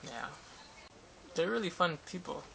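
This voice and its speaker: Rambling young man with gravelly voice. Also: on the high side, animated, measured pace, sharp tone, poor audio. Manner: rambling, many fillers and restarts. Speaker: vlogger. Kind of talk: casual summary of an interview. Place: Los Angeles area. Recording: music playing behind.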